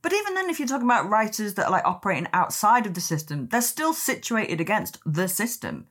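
A woman hosting a podcast, talking in a chatty, lively way with lots of "like". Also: medium pitch, fast. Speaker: podcast host. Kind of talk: podcast conversation.

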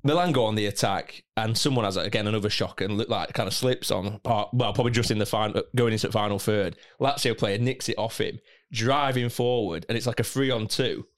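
A man's voice: on the low side, brisk, few pauses. Laughing man telling stories. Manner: laughing storyteller, swears freely. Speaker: podcast co-host. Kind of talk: casual football chat.

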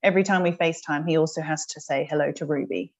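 An English woman talks casually with plenty of "you know" and "like". Her voice is fairly low, with some vocal fry. The recording sounds muffled and lo-fi. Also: fairly even intonation, fast talker. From England. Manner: chatty and warm, with fillers like "you know" and "like". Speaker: podcast guest, mother of two young boys. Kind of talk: casual conversation.

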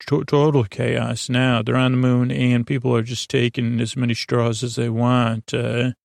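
A man hosting a sleep podcast, giving a soft-spoken, meandering recap of an episode with many filler words. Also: mid-range voice, vocal fry, dry recording, studio quality.

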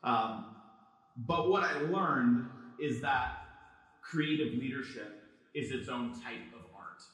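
A man speaking at a middle pitch in a relaxed, chatty way, with a touch of self-deprecation. His voice rings out in a strongly echoing room. He sounds like a host easing into conversation with his audience. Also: takes it slowly, distant mic. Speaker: podcast host and design leader. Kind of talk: conversational podcast talk and live conference presentation. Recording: very echoey room.

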